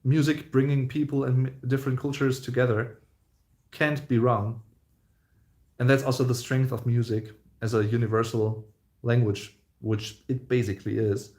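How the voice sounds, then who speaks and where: A man's voice: medium pitch, darkish tone. A man in his thirties with a German accent, hosting a casual live stream, reading viewer comments and rambling with many fillers and restarts. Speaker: YouTube host reading live chat.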